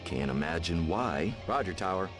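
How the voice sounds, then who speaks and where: An actor playing a calm male mech squad leader in a video game, steady and commanding. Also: sits low, normal speed. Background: game music.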